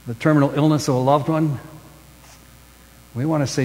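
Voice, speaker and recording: A pastor preaching a sermon, with emphatic stresses that fall away into hushed line endings. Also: male voice, on the high side, fairly even intonation, moderate pace, pauses often, long reverb tail, rough recording.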